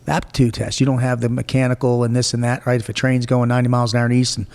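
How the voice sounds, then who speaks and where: Man, forties, gravelly voice, blunt and profane, casual storytelling, long reverb. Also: medium pitch, level tone, very fast, darkish tone. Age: 40s. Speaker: guest.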